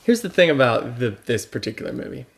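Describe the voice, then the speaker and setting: A man's voice: medium pitch, very animated, fast talker, vocal fry. A young man co-hosting a podcast, chatting casually with dry, self-deprecating humor. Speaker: podcast co-host. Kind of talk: casual chat.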